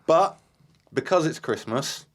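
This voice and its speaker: A man's voice: on the high side, animated, measured pace. A man hosting a podcast, chatting casually, giggling and fumbling his words. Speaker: podcast host. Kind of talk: casual chat.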